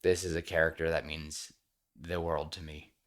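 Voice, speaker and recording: A man's voice: very deep voice, little pitch movement, normal speed. A young man co-hosting a podcast, talking earnestly and getting emotional in casual chat. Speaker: podcast co-host.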